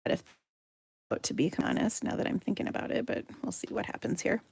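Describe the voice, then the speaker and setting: A chatty, giggly American woman hosting a live card-making demo, talking to viewers and murmuring softly while she works. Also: medium pitch, animated, brisk, creaky, breathy edge, dry recording. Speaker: craft livestream host.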